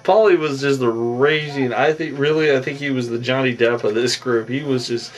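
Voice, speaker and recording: A man's voice: medium pitch, moderate pace, low-quality recording. A man giving a casual, rambling recap of a TV episode, with a habit of saying "on that" and frequent chuckles. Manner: rambling, repeats the tic "on that", chuckles often. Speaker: recap host.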